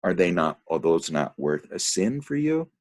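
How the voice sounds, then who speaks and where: Give me a man voicing a blind temptress, pleading, with a raspy edge. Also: low voice, very animated, normal speed.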